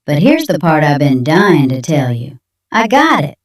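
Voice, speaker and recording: An AI voice doing a Southern woman, drawling, defiant voicemail, low and slow, distant in a roomy space. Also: big pitch swings. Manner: drawling, plain-spoken, defiant. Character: stubborn young Southern woman leaving a voicemail. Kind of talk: AI voice reading a monologue.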